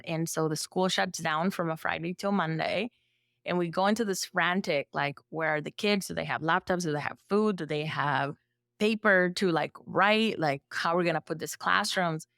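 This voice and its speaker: A woman therapist from El Salvador, speaking as a podcast guest in a relaxed storytelling way, full of "like" fillers and lively acted-out quotes. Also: lowish voice, no echo, clean studio sound. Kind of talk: conversational storytelling.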